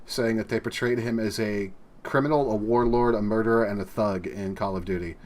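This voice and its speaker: A man co-hosting a casual gaming podcast, wry and deadpan. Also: lowish voice, a little fast, very noisy. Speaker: podcast co-host.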